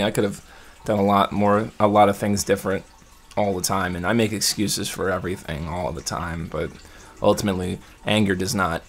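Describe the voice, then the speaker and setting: Guy with a lowish voice venting on his vlog, rambly, heats up then trails off, keeps restarting. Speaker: vlogger. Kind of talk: casual check-in monologue.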